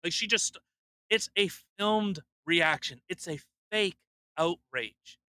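A man's voice: sits high, slow, sharp tone, no room sound. A man co-hosting a casual podcast, ranting bluntly and with profanity, mocking others in put-on voices. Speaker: podcast co-host; truck driver.

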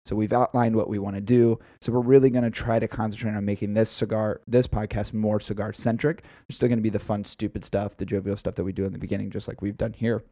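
A man's voice: lowish voice, flat delivery, fast, hardly any pauses, dry recording, clean studio sound. A man co-hosting a casual podcast, talking at length and laying out the show's plans. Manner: talkative, plans the show out loud. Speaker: podcast co-host.

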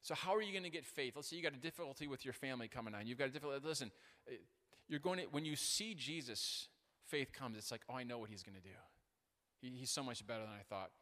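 Preaching at a quick pace, a male pastor with a mid-range voice delivers a lively, story-driven sermon laced with self-deprecating jokes. His tone is bright and forceful despite frequent fillers and restarts. Each phrase rings out with long reverb in the large hall.

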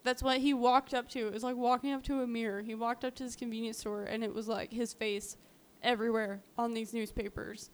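A woman's voice: on the high side, level tone, fairly quick, hardly any pauses, clear, resonant tone. A woman co-hosting a podcast, casually retelling a true-crime story with lots of fillers. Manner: chatty, lots of "um" and "like", acts out quotes. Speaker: podcast co-host.

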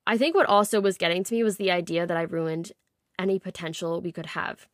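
Speaking fairly quickly in a lowish voice, this twenty-something podcast host tells a personal story with light laughter and confessional candor. The studio-quality recording has no echo.

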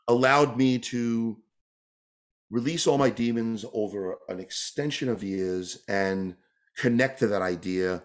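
Earnest, rambling man from New York. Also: medium pitch. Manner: earnest, rambling, with frequent restarts. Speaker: interview guest, tap dancer and entertainer. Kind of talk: reflective casual interview answer.

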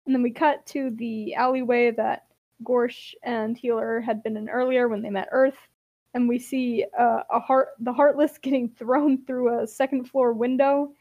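High-voiced young woman, wry comic recap. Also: flat delivery, normal speed, no room sound, dull audio. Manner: wry, chatty, laughs often.

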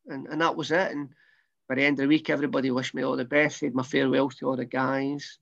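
Gravelly Scottish man telling old stories. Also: medium pitch, level tone, fast, a bit bright. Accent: Scottish, softened. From Scotland. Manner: rambling, repeats words, restarts often. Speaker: former footballer, guest. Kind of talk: casual storytelling interview. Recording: dull lo-fi sound.

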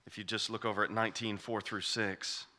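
A man's voice: on the low side, flat delivery, a little fast, pushed and bright. A man preaching an expository sermon, emphatic and repeating key phrases for weight.

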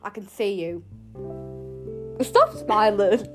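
A woman's voice: medium pitch, huge pitch swings, slow, music in the background. A young woman co-hosting a podcast, rambling and teasing in a giggly casual chat. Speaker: podcast co-host.

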